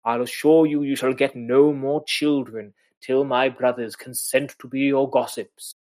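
A man reading aloud the lines of a defiant noble duchess in a measured, slightly raised declaiming voice. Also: medium pitch, fairly even intonation, darkish tone, natural voice.

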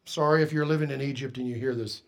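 A man preaching a sermon in a church as pastor, swinging between loud emphasis and hushed tones and putting questions to the congregation. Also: medium pitch, fairly even intonation, fast.

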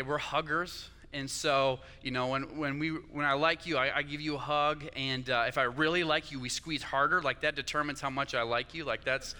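A man's voice: on the high side, bright, forceful tone, clear, resonant tone, in a large hall. A young man preaching a sermon, conversational and chatty, often asking his listeners "right?". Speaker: pastor.

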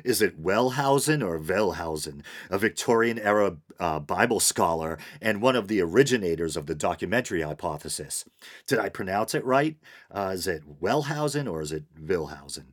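A man's voice: sits low, lively intonation, brisk. A man with a New England accent hosting a solo podcast, talking in a wry, self-deprecating way with chuckles and "uh"s. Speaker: podcast host. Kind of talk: casual solo podcast monologue.

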